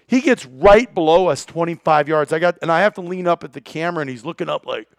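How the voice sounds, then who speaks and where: A man excitedly telling a hunting story in casual chat, acting out quotes and swearing now and then. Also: fairly high pitch, fast talker, vocal fry, dry recording. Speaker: hunting guide and cameraman.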